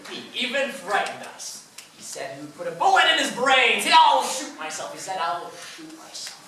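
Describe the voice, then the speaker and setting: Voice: medium pitch, big pitch swings, a little fast, lightly acted. A student actor playing a pompous, gloating male town mayor in a school stage play, declaiming with bursts of laughter. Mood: boastful. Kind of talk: amateur school stage acting. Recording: echoey hall from far off, noisy.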